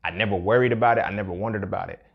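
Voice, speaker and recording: The host races through a casual personal monologue in a lowish, gravelly voice on lo-fi sound. Reflective but full of swearing and street phrasing, he keeps asking "you feel me."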